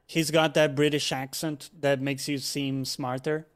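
A man joining a casual voice chat, speaking haltingly with many fillers as he works through his thoughts. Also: medium pitch, level tone, clean tone.

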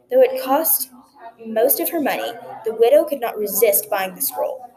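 A woman telling a folktale aloud in a gentle, expressive narrating voice. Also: medium pitch, moderate pace, crowd noise, low-quality recording. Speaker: storyteller. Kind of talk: folktale reading.

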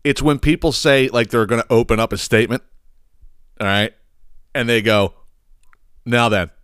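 A man's voice: medium pitch, normal speed, fairly bright tone, smooth, no echo, clean studio sound. A man, hosting a comedic solo rant, swearing and exasperated. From Philadelphia area. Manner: profane, exasperated ranting with chuckles. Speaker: podcast host.

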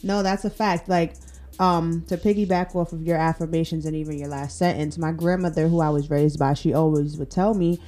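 Mellow-voiced earnest woman in her twenties. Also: low voice, fairly even intonation, brisk, soft background music. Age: 20s. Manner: earnest, spiritual, affirming. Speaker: podcast guest. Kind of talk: casual podcast chat.

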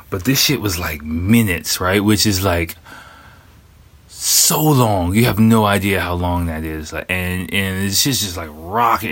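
Low-voiced man rambling through a story. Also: fairly bright tone. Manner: rambling, profane, many fillers. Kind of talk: casual storytelling.

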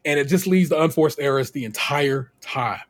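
A man co-hosting a podcast, recapping in a casual, slangy, animated way and laughing often. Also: fairly high pitch, moderate pace. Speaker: podcast co-host.

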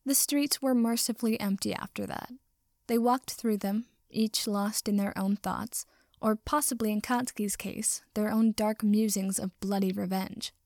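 A woman narrating a story in a measured, even reading. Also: medium pitch, no echo, studio quality.

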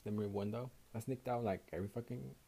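A worn-out young man from Houston, Texas, hosts a casual solo podcast after a night shift, swearing freely and code-switching between English and Spanish in a Mexican Spanish accent. He talks fast in a voice on the low side, mellow with a breathy edge and vocal fry, his intonation fairly even.

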